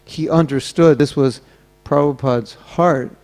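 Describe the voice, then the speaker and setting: At a temple gathering, a man delivers a sermon in a slightly high, somewhat mellow voice at an unhurried pace, with faint music behind him. He tells stories and acts out the voices of the people in them.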